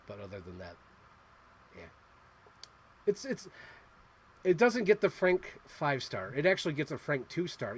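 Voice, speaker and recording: A young man co-hosting a casual movie chat, playful and quick to act out quotes with a laugh. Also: lowish voice, slight background noise, poor audio. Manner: playful, jumps into quoted voices, frequent laughs. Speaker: co-host.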